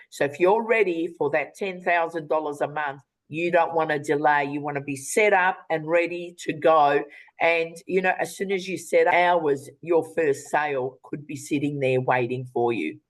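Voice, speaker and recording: An Australian woman hosting a live video call webinar, making a chatty, persuasive sales pitch with many fillers. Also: low-quality recording. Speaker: webinar host.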